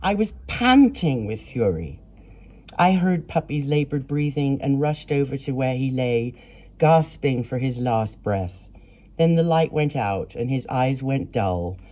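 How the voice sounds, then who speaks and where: A woman reading her own memoir aloud in a measured, plain storytelling way. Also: a bass voice, lively intonation, warm tone. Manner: measured, plain storytelling with blunt profanity in quotes. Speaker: memoir narrator. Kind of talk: first-person memoir reading.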